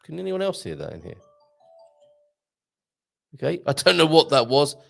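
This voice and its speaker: A man hosting a live online show, rambling excitably to viewers and reading the chat. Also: a little high, normal speed, vocal fry, soft background music. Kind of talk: casual live-stream chat.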